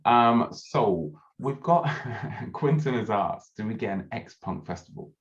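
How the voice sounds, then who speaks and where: A man's voice: fairly low pitch, animated, slow. A male host on a video call, teasing playfully and reading out viewer questions. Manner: playful teasing, laughs often. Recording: muffled video-call audio.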